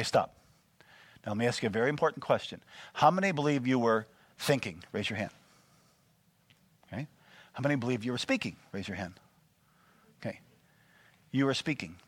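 A man preaching a sermon, animated and full of call-and-response questions to the congregation. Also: mid-range voice, moderate pace, long pauses, slightly rough, no room sound. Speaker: pastor.

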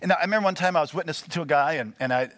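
A man preaching a sermon, animated and full of call-and-response questions to the congregation. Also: on the high side, racing, no echo. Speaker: pastor.

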